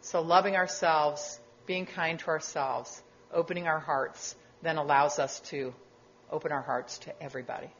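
Gentle middle-aged woman giving a sermon. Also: low voice, fairly even intonation, moderate pace, dull audio, slight background noise. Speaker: guest speaker.

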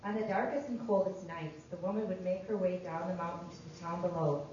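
A woman reading a children's story aloud in an expressive storytelling manner. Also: lowish voice, fairly quick, muffled recording, a little hiss or hum.

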